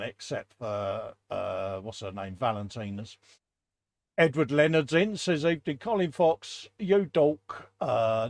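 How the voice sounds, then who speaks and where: A British host runs a casual live stream, greeting viewers one at a time and calling everyone mate in a chatty way. His voice is medium in pitch, and the recording is dry.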